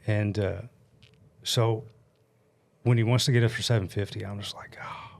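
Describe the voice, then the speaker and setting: A man in his forties from the United States, telling a story as a podcast guest in a blunt, animated way and swearing freely, into a studio mic. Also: lowish voice, moderate pace, vocal fry. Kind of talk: casual storytelling chat. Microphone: studio mic on a stand.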